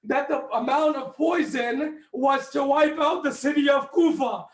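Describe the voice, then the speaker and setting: High-pitched preaching man in an echoey hall. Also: steady tone, a little slow. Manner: fervent, often raising his voice to a near shout; addresses listeners directly with questions. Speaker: speaker at a mourning gathering. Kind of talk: impassioned sermon.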